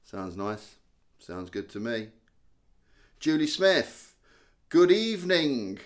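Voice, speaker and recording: A man's voice: fairly low pitch, animated, takes it slowly, fairly bright tone. A young man hosting a casual live stream, chatting and joking as he reads out viewer comments. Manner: chatty, self-mocking, reads viewer names aloud.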